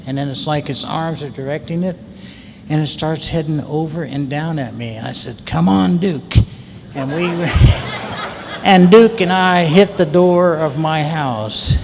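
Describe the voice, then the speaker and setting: A man speaking at a conference, telling a personal story in a folksy, chatty way into a handheld mic. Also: a little high. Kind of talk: storytelling talk. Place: large conference hall. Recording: reverberant hall, faint noise.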